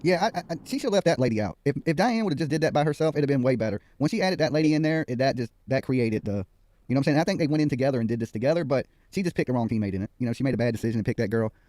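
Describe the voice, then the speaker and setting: Male streamer host, quick joking delivery, cussing, close dry mic. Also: mid-range voice, lively intonation, a little mellow, no echo. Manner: joking, laughs often, swears freely. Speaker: livestream host. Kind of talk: casual livestream chat.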